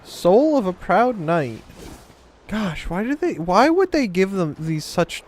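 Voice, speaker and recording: A man streaming a game, talking in a high voice with big swings in pitch. He speaks at an unhurried pace, rambling and teasing his chat in loose, joking commentary. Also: very animated, slight background noise. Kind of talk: casual gameplay commentary.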